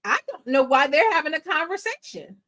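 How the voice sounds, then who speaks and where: A woman hosting a casual movie reaction, talking to her viewers with playful slang and loud exclamations. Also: high voice, lively intonation, fairly quick. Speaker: film reaction host.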